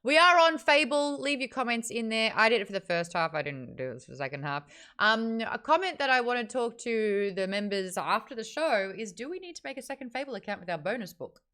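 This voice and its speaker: Woman, livestream book club host, bright and crisp, chatty. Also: on the high side, brisk. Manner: chatty and animated, jumps between topics. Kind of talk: casual livestream chat.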